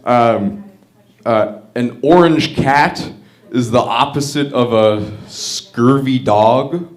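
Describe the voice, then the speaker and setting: A man's voice: medium pitch, slow pace. A man doing a stand-up set at an open mic, delivering one-liners with lots of hesitation and repeated words. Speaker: stand-up comedian.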